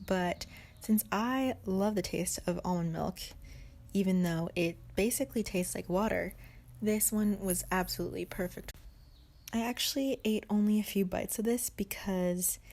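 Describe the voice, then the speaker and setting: A woman's voice: medium pitch, darkish tone. A woman in her twenties narrating a casual food vlog in a chatty, giggly way, full of fillers. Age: 20s. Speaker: vlogger.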